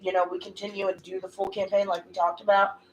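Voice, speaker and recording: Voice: mid-range voice, little pitch movement, quick pace, dull audio, a little hiss or hum. A player chatting after a tabletop game, asking eager questions and swearing freely. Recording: roomy, distant mic.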